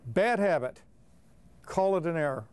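A man's voice: on the high side, lively intonation, unhurried, darkish tone, clean tone, no room sound. A man giving assured, plain-spoken explanations in an interview as a reading intervention expert.

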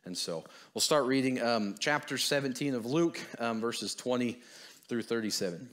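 A young man giving a casual, chatty sermon as a guest preacher, self-deprecating and quick to laugh. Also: mid-range voice, a bit bright.

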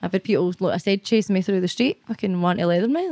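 A young woman with a broad Scottish accent talks casually as a guest, blunt and quick to swear, breaking into laughter now and then. Her voice sits at an ordinary middle pitch. The recording is dry and close, with no room sound around her. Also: darkish tone, no echo. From Scotland. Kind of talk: casual interview chat.

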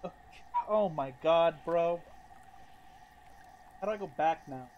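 A man's voice: on the high side, unhurried, lo-fi sound, a little hiss or hum. A man streaming a video game, talking casually, exasperated and swearing heavily. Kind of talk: casual live-stream commentary.

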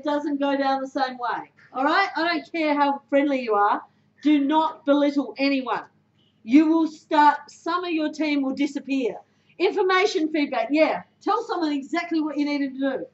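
A woman's voice: high voice, lively intonation, normal speed. An Australian woman giving a motivational talk to a sports club, direct and emphatic, often putting questions to her listeners. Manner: direct, emphatic, quizzes the audience. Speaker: guest speaker. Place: club room before a team. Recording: echoey room, dull sound.

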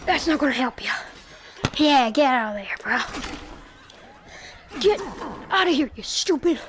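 A woman giving casual gameplay commentary at home on a headset, talking to the game and shouting at the enemies in frustration. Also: high voice, lively intonation, measured pace, noisy background. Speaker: gaming YouTuber.

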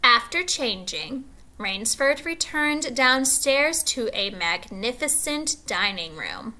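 A woman teacher reading a short story aloud to a class, slow and expressive. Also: fairly high pitch.

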